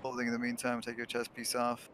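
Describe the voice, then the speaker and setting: A man's voice: medium pitch, completely flat delivery, fast talker, background noise. A man role-playing a paramedic in a game, talking in stiff, formal medical jargon. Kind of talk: in-character game role-play.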